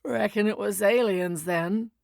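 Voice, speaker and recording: A woman's voice: medium pitch, unhurried, creaky, a little mellow, no room sound, studio quality. A woman voicing a blunt, offhand male agent in an audio story. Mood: sheepish. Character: gruff sardonic male agent Jack.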